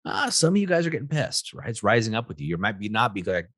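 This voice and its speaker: Brief: husky-voiced male coach, lively swooping delivery, punchy motivational monologue. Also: mid-range voice, fast, hardly any pauses, no room sound, clean studio sound. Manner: animated, emphatic, repeats "right?" and "guys". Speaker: podcast host, relationship coach.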